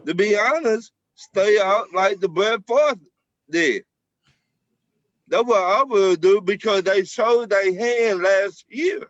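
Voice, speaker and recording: High-pitched, slow-talking blunt man on a sports pod, dry and muffled. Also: a bit bright, no room sound. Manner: blunt, emphatic, rhetorical questions. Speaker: podcast co-host. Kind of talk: casual sports debate.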